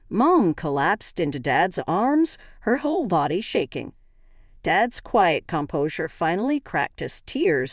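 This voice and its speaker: Lively-voiced woman narrating a story. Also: low-pitched, no room sound, clean studio sound. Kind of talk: first-person story narration.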